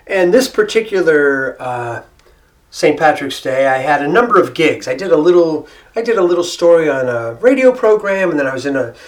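A man's voice: a little high, big pitch swings, moderate pace. A middle-aged man from Ohio with an American accent, telling a personal travel story in a casual, rambling way with many restarts and asides. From Ohio, United States.

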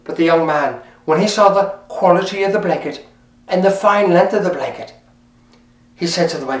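A man's voice: high voice, moderate pace. A man telling a folk tale in a lilting, conversational way, talking straight to the listener. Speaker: storyteller. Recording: roomy, mic at a distance.

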